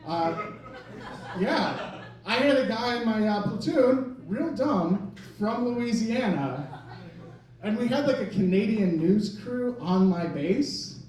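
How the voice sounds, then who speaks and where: Slow-paced and expressive, this man in his thirties rambles through a self-mocking comedy club set in a high, slightly mellow voice. His audience laughs, captured by a mic set back in the echoey club.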